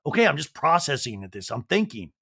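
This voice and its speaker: A man putting on a low, grudging voice for a sulky husband from reality TV. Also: big pitch swings, fast, gravelly, pushed and bright, slightly rough, exaggerated voice.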